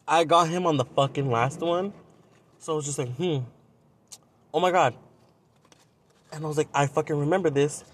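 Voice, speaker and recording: A man's voice: on the high side, moderate pace, pauses often, slight background noise. Foul-mouthed young man. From Southern California. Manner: profane, blunt, with lots of "like". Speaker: podcast host. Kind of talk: casual storytelling.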